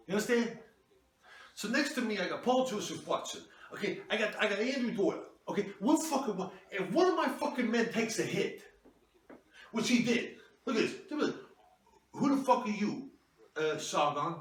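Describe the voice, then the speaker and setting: A man's voice: fairly high pitch, a little hiss or hum, natural voice. Raised-voice online crusader ranting like he's at war, a comedian puts him on, echoey room, mic far off. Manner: profane, bullying, bombastic war talk. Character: ranting, self-important online free-speech warrior, man. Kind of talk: comedic character sketch.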